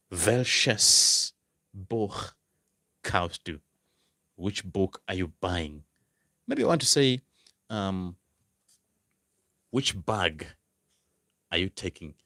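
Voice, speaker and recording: A male tutor talks through a lesson in a low register, taking his time. He says each phrase more than once and breaks it into single words. His voice sounds dry and close, with no room echo. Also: pushed and bright. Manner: slow, repeats each phrase word by word. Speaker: German tutor. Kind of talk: language lesson.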